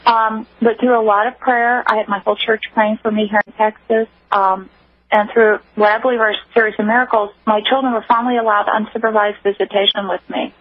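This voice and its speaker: A woman guest on a radio call-in show, recounting her own story in an earnest, halting way with many restarts. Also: a little high, little pitch movement, no echo. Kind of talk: personal account on a call-in show. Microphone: telephone. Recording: muffled phone line.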